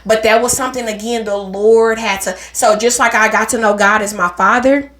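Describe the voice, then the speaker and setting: A woman's voice: on the high side, brisk, crowd noise. A woman co-hosting a faith podcast, telling a personal story in casual chat. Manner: animated storyteller, acts out voices in her stories. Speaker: podcast co-host.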